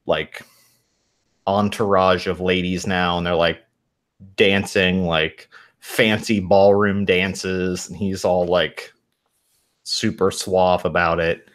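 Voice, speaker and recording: A man narrating a tabletop horror game as game master, relaxed and rambling with many pauses and ums. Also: sits low.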